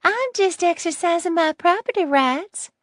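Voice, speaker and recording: A woman reading an audiobook, voicing a sugary-sweet but spiteful old woman in a high, honeyed voice that turns harsh. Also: animated, moderate pace, fairly bright tone, no room sound, studio quality. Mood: syrupy sweet. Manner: syrupy sweet turning harsh and hissing.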